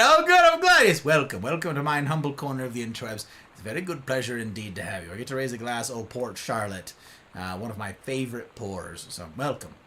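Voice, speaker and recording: Animated, bright-voiced male streamer. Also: a little high. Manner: playful, theatrical, old-fashioned turns of phrase. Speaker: live streamer. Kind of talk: casual live-stream chat with viewers.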